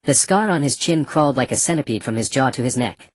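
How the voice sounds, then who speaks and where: An audiobook narrator reading a fantasy novel in an even, measured storytelling manner. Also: medium pitch, no room sound.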